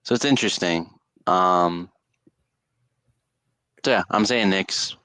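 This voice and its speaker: A man's voice: deep voice, slow, sharp tone, clean tone, dry recording. A young man co-hosting a casual sports podcast, rambling with lots of fillers and restarts. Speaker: podcast co-host.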